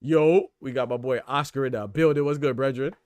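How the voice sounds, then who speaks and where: A man's voice: mid-range voice, steady tone, a little fast, darkish tone, smooth, no echo. A man hosting a casual boxing podcast livestream, talking loosely in slang and laughing often. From Florida.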